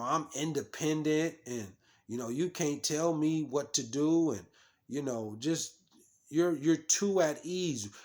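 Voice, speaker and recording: A man with a voice on the high side preaches, reading scripture and commenting on it in a scolding, repetitive way. He stumbles over restarts and fillers.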